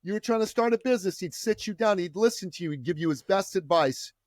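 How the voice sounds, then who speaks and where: A man's voice: sits high, animated, fast talker, no room sound, clean studio sound. A man from Iran, a guest on a podcast, telling his story with a fervent, preacher-like delivery. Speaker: entrepreneur guest.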